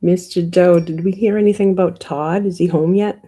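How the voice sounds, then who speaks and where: A woman with a lowish, breathy voice hosts a livestream. She chats casually and greets viewers by name. Her tone is warm and mellow. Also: steady tone, moderate pace. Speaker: livestream host. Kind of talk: casual chat.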